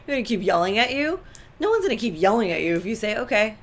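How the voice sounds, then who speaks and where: A woman's voice: on the high side, quick pace. A woman co-hosting a health and lifestyle show, talking in a casual, emphatic way and repeating her points. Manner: animated, emphatic, repeats herself. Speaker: co-host. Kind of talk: casual chat.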